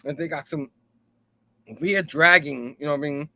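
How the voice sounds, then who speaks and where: Bright-voiced man laughing through a comic recap. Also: fairly high pitch, steady tone, moderate pace, vocal fry, no echo. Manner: laughs often, repeats "you know what I mean"; loosely acts out characters' lines. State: hot and sipping a drink. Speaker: comic book review host. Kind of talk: casual comic recap, paraphrasing dialogue.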